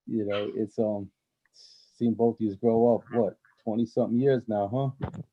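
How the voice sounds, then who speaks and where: On a video call, a man who once coached alongside the listener tells casual stories, wandering with lots of fillers and restarts. His lowish voice stays level at a moderate pace, and the audio has its highs cut off.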